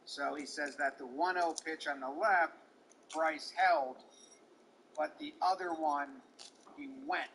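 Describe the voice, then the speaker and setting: A man's voice: a little high, takes it slowly, fairly bright tone, slight background noise, rough recording. A man giving casual, heated play-by-play of a baseball game, swearing and mocking an umpire. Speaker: baseball commentator.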